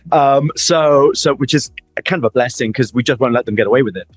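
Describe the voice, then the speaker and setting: A man's voice: medium pitch, slightly rough, no room sound. A middle-aged man with a Middle Eastern accent, a guest in a fireside chat, telling stories with animation, acting out quoted lines and often repeating words. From Middle East. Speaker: interview guest, family office advisor.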